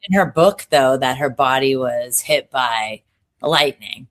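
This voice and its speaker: A woman co-hosting a pop culture recap podcast, talking animatedly with swearing and quick asides. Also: rumbling low. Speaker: podcast co-host.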